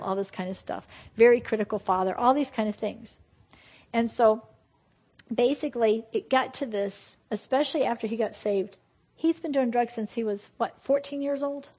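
A woman preaching a lively, conversational sermon and laughing often. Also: a little high, husky. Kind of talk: sermon on deliverance.

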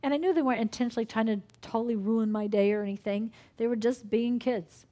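A woman's voice: on the high side, fast talker, warm tone. A woman preaching a sermon with fervor, acting out prayers and inner dialogue as she goes.

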